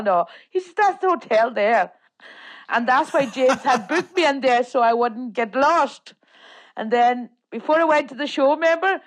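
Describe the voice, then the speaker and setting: An older woman with a Donegal Irish accent, telling plain-spoken, self-mocking stories as an interview guest. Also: fairly high pitch. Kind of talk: casual storytelling.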